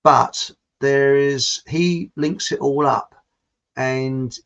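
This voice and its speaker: Gravelly British man, chatty host. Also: medium pitch, very slow, fairly bright tone. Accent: British English. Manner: rambling, chatty, laughs at own jokes. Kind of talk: casual chat. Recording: muffled lo-fi audio.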